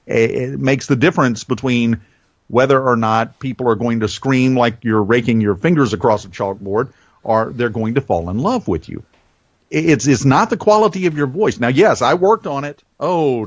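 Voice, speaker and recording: A seasoned radio man with a light Southern accent, talking in a lively, up-and-down voice. He speeds up and slows down on purpose, like a born storyteller. The sound is dry and a little muffled, as if over a remote line. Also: no echo. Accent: Southern American, softened. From American South. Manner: animated storyteller, varies speed and pitch deliberately. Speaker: radio host, guest. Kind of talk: conversational podcast interview.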